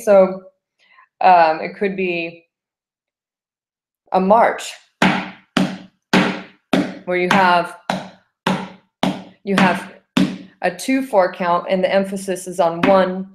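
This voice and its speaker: Lecturing woman with a lowish voice. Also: fairly even intonation, slow pace, long pauses, very noisy. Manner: explanatory, frequent "okay?" and "um" fillers; counts out rhythms aloud. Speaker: dance instructor. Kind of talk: classroom lecture. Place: classroom.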